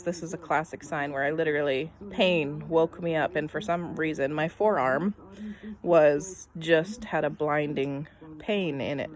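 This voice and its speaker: Rambling middle-aged woman telling a story. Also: sits low. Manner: rambling, lots of "um" and "I mean"; trails off softly at ends of thoughts. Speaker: vlogger. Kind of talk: casual personal storytelling.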